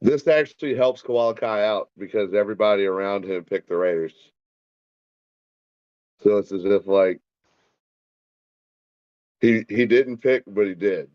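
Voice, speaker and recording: A man's voice: fairly low pitch, measured pace, long pauses, no room sound, muffled recording. A man co-hosting a casual live football reaction show, with wry, laid-back comments. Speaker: co-host.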